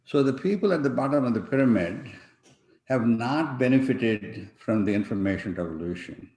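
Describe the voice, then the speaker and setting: A man giving an online conference talk over a video call, pausing often with fillers and restarting his sentences. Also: mid-range voice, animated, darkish tone. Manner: halting, many fillers and restarts. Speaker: conference panel speaker. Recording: echoey room.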